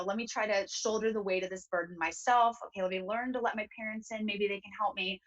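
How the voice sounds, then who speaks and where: A young woman speaks earnestly as a guest on a talk show, her voice sitting at an ordinary middle pitch. She grows emotional and keeps restarting her sentences as she tells her story. The studio sound is slightly dull and muffled. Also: a bit bright. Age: young adult.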